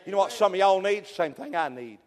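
A middle-aged man preaching a fervent revival sermon, swinging from loud peaks to hushed storytelling. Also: sits high, sing-song, brisk. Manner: fervent, builds to shouted peaks then drops to hushed storytelling. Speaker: pastor. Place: church sanctuary. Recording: long hall reverb.

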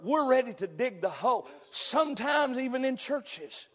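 A man's voice: extremely high pitch, sing-song, moderate pace. Fervent preacher man in a reverberant hall. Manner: fervent, builds to shouted peaks then drops to hushed storytelling. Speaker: pastor. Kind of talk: impassioned revival sermon. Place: church sanctuary.

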